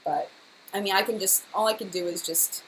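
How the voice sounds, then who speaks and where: A woman's voice: mid-range voice, fairly even intonation, a little fast, slight background noise, poor audio. Chatty woman live-streaming to viewers. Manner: chatty, emotional, talks to viewers by name. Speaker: beauty YouTuber hosting a live chat. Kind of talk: casual live-stream chat.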